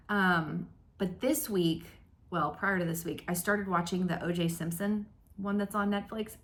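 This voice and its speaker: A woman's voice: fairly low pitch, fairly even intonation, normal speed, bright, forceful tone. Chatty woman in her thirties. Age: 30s. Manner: chatty, rambling, self-deprecating with many ums. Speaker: flosstube host. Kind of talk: casual chat to camera. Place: home craft room.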